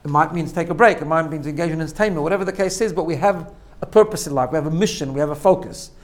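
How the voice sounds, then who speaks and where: A man with a slightly high voice races through a spoken lesson on self-growth. He teaches step by step, repeating phrases and often checking in with "right?"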